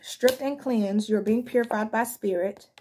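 A woman's voice: a little high, moderate pace, darkish tone, a little hiss or hum. A woman giving a casual spoken tarot reading, talking frankly and conversationally and often asking "you know what I'm saying.". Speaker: tarot reader.

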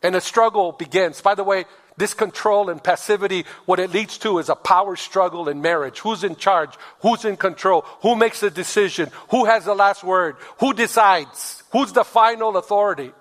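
Male pastor preaching, high voice, punchy and repetitive, long church reverb. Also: moderate pace, hardly any pauses, fairly bright tone. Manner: emphatic, repeats phrases, calls for amens. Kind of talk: sermon. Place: church sanctuary.

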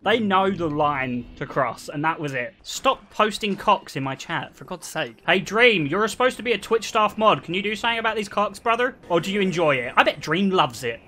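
A man's voice: sits high, expressive, normal speed, few pauses, bright, forceful tone. A man in his twenties, chatting and joking teasingly with his viewers while streaming a game. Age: 20s. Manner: teasing, joking, often laughing. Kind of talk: casual live-stream chatter.

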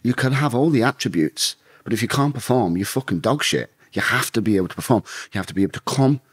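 A man's voice: medium pitch, lively intonation, fast talker, husky, no echo, clean studio sound. A man telling a blunt, rambling story full of swearing in a casual interview. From England. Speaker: guest, bare-knuckle fighter.

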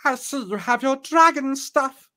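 A man voicing a scheming, nosy female sorceress in a shrill, slow, teasing sing-song. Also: animated, pushed and bright, exaggerated voice. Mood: mocking.

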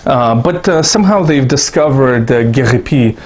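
A Russian-born man rambles through casual commentary for his online audience. He is sarcastic and profane, with frequent self-mocking asides. His pitch sits in an ordinary middle range for a man. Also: lively intonation, normal speed, a little mellow, a little hiss or hum. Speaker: YouTube commentator.

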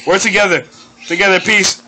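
A young man giving casual commentary on a game with friends, laughing hard and shouting commands. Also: high-pitched, steady tone, fairly quick. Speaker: gaming channel host. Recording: loud background noise with clicks.

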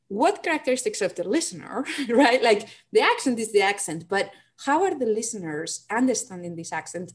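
A woman from Spain with a Spanish accent and Spanish as her first language, a psychology professor answering audience questions in an animated way and often tagging "right?". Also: mid-range voice. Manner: animated, frequent "right?" tags. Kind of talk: lecture Q&A answers.

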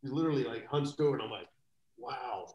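A man telling rambling, animated anecdotes as a guest in a live video chat. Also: medium pitch, very fast, reverberant, muffled recording, crowd noise. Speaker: guest drummer. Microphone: video call.

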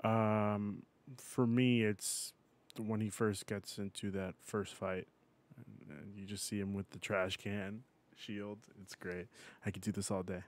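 A man co-hosting a podcast in casual chat, speaking softly and haltingly. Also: on the low side, flat delivery. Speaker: podcast co-host.

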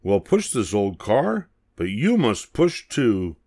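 A man's voice: fairly low pitch, huge pitch swings, takes it slowly, dark tone, heavily acted. An older man voicing big, proud, boastful crocodiles in a storybook reading.

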